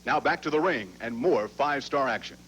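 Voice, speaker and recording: A man announcing upcoming wrestling shows in a smooth, promotional style. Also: medium pitch, animated, normal speed, a bit bright, rough recording. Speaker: show announcer.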